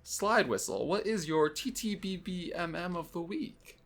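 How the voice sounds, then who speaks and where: A man's voice: sits high, lively intonation, measured pace, vocal fry, fairly bright tone. A man co-hosting a casual gaming podcast, rambling and poking fun at himself. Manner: rambling, self-mocking. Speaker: podcast co-host.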